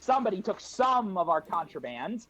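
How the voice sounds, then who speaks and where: A man playing in an online tabletop role-playing game, talkative and quick as he recaps the story. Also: high voice, very animated, a bit bright, lo-fi sound. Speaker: player. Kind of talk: casual tabletop game chat.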